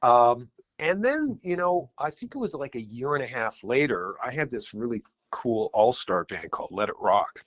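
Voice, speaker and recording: A middle-aged man, a rock guitarist guesting on a podcast, telling animated anecdotes and acting out quotes. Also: medium pitch, moderate pace, few pauses. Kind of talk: casual storytelling interview.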